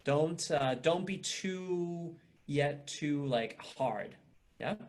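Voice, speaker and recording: Casual young man coaching violin. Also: a little high. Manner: casual, halting, many restarts and fillers. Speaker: violin masterclass teacher. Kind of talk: online masterclass coaching.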